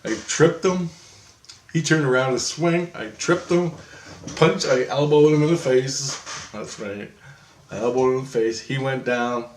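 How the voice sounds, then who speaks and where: A man's voice: mid-range voice, measured pace, echoey room, slight background noise. A man telling a long story in a casual, rambling monologue, swearing often and correcting himself as he goes. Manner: rambling, profane, animated retelling with self-corrections. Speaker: vlogger.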